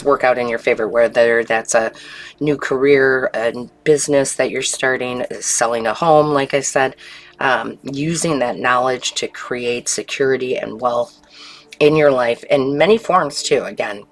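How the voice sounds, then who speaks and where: A woman giving an intuitive tarot reading in a calm, unhurried way, often checking in with the listener. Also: extremely low pitch. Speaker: tarot reader.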